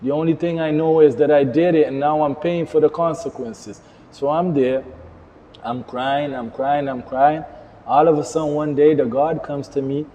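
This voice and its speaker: A middle-aged man from Verde, a Creole speaker, giving an earnest personal testimony as an interview guest in halting, repetitive phrasing. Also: fairly high pitch, steady tone, mellow, slight background noise. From Cape Verde. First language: Cape Verdean Creole. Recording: long reverb.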